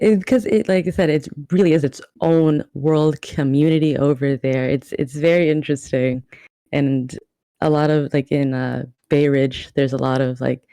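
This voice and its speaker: Chatty woman with a dark, mellow voice. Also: rumbling low, no room sound, studio quality. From New York area. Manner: chatty, rambling with many restarts and fillers. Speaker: guest cosplayer. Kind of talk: casual podcast chat.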